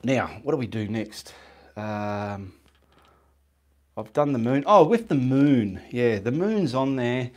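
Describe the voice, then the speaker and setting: A man's voice: medium pitch, lively intonation, slow pace, a little mellow. A man talking casually through a live painting demonstration, chatting as he works and muttering to himself between steps. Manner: chatty, casual, talks while working. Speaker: painting instructor. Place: home studio, indoors.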